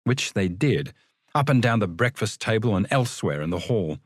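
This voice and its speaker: Male audiobook reader, very animated pitch, dry close sound, expressive. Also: normal speed, slightly rough, no room sound. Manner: expressive, lively storytelling. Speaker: audiobook narrator. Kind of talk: scripted storybook narration.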